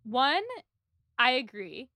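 A woman's voice: on the high side, animated, takes it slowly, bright, forceful tone, no room sound. A woman co-hosting a podcast, chatting casually and summarizing a story's plot with playful asides. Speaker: podcast co-host. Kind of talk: casual book-club chat.

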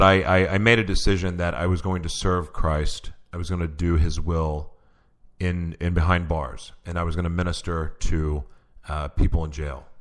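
A man's voice: deep voice, a bit bright. A man who is a guest on an interview show, telling a personal story in an earnest way, with many restarts. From Oklahoma.

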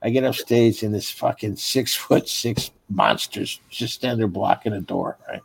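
A man, a stand-up comedian, telling profane, animated anecdotes in casual chat with fellow comics. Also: fairly low pitch, normal speed, gravelly, slightly rough. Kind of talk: casual storytelling among comics.

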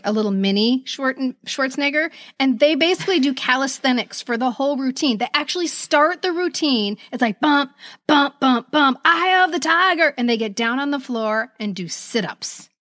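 A woman co-hosting a casual podcast chat, laughing often and chiming in with quick agreement. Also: on the high side, fairly bright tone, no echo, studio quality. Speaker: podcast co-host.

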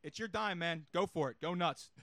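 A man's voice: a little high, normal speed, a bit bright, no echo. A man co-hosting a podcast in casual banter, loose, profane and often laughing. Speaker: podcast co-host.

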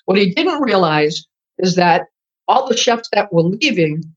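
A woman's voice: mid-range voice, unhurried, breathy edge. An older woman, a retired culinary instructor telling stories in an interview and acting out old conversations. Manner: animated storyteller acting out dialogue. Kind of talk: oral history interview. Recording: dull lo-fi recording.

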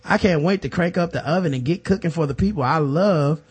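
A man's voice: a little high, brisk, slightly rough. A man putting on a drawling, mock-genteel Southern US accent to play a celebrity woman cook.

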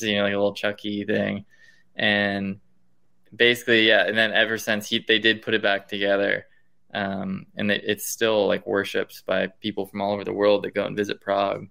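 A man's voice: on the low side, gravelly, pushed and bright. A man, a guest on a casual podcast, telling stories with many "like" and "um" fillers. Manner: fills with "like" and "um". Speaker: guest professor. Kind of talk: casual chat, storytelling.

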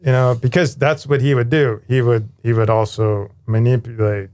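Candid, animated man telling stories. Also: mid-range voice, moderate pace. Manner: candid, animated storytelling with casual swearing. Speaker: interview guest, former firefighter paramedic. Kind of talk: casual storytelling conversation.

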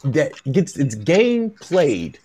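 A man in his thirties hosting a podcast, talking sports in a casual, animated and emphatic way, with frequent restarts and stammers. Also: a little high, extremely slow, slightly rough. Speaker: podcast host.

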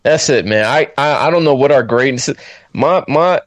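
A man co-hosting a podcast, chatting casually about a film with slang and quick quoted asides. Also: dry recording. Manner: animated, swoops up high when quoting himself, slangy. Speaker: podcast co-host reviewing a film. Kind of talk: casual chat.

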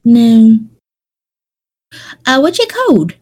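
A woman's voice: fairly high pitch, sing-song, takes it slowly, a little mellow, slightly rough. A woman co-hosting a gaming podcast, chatting casually with plenty of fillers and restarts. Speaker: podcast co-host. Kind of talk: casual chat.

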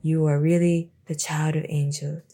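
A woman reading the lines of a frightened, grieving young woman, quiet and pleading. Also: deep voice, flat delivery, normal speed.

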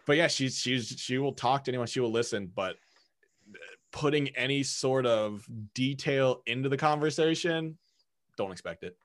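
Halting, mid-pitched man chatting. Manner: halting, restarts words, laughs easily. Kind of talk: casual chat.

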